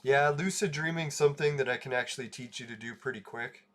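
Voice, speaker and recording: A man's voice: medium pitch, fairly quick, fairly bright tone. Rambling man telling a story. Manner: rambling, laughing, swears freely. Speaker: livestream host. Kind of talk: casual livestream storytelling.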